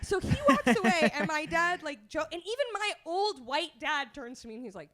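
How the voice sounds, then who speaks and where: A high-pitched woman spins a comic anecdote as a podcast guest. Her telling is chatty and animated, and she breaks into laughter between phrases. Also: measured pace. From Canada. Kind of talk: comedic storytelling.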